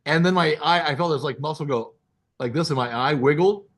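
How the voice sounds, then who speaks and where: Joking, higher-voiced male podcast host. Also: a little fast, a bit bright. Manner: loose and joking, with rambling restarts. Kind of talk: casual conversation.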